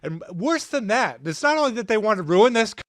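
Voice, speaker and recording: A male TV pundit in a full-blown rant, as a man puts him on, yelling with over-the-top fury. His voice climbs high and loud, with a dry, close sound. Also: sing-song, fairly quick, no echo. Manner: shouting, furious, over the top. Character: ranting angry male TV pundit.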